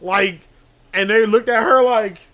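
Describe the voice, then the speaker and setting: Man, podcast co-host: high, bright voice, profane, animated storyteller who acts out the quotes. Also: a little slow.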